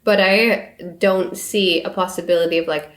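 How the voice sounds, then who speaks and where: A woman co-hosting a podcast, chatting casually about books in an animated way and laughing often. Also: lowish voice, normal speed. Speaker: podcast co-host. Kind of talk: casual book chat. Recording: echoey room.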